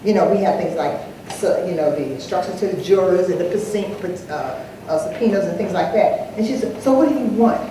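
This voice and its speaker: An older woman speaking on an anniversary panel, an animated storyteller who acts out the dialogue in her anecdotes. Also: on the low side, brisk, hardly any pauses. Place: large echoey hall, live event. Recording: echoey hall, distant mic, faint noise.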